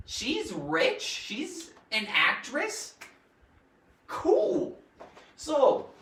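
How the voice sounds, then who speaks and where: Here a female grammar teacher hosts her show live, joking and giggling through a playful lesson while addressing viewers directly. Her pitch is medium and her tone fairly bright, and the distant mic picks her up off-axis in an echoey space.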